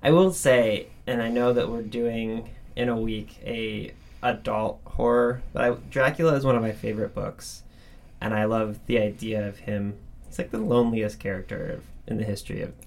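A podcast co-host chatting casually about books, rambling and animated, often going off on tangents. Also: medium pitch, normal speed.

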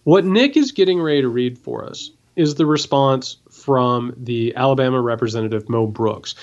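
A man's voice: medium pitch, normal speed, highs cut off. A man co-hosting a political commentary podcast, talking emphatically and sarcastically and hammering his points home by repeating them. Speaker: podcast co-host.

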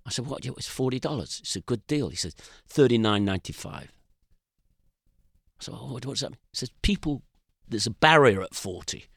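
A man's voice: mid-range voice, lively intonation, fairly quick, vocal fry, husky, no room sound, clean studio sound. An older English man telling loose, rambling anecdotes as a podcast guest. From England. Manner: rambling anecdotal storyteller, frequent restarts. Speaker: guest musician. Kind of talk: casual storytelling interview.

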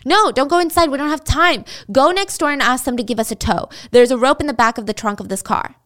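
A woman's voice: sits high, fast talker, fairly bright tone, voice pushed up. A woman voicing a menacing young male captor who talks in curt, bossy orders and swears. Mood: impatient.

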